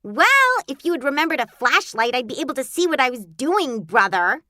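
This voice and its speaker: A woman's voice: mid-range voice, little pitch movement, measured pace, sharp tone, clear, resonant tone, dry recording, studio quality. A woman doing a bossy, impish girl twin. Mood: teasing. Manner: bossy, teasing.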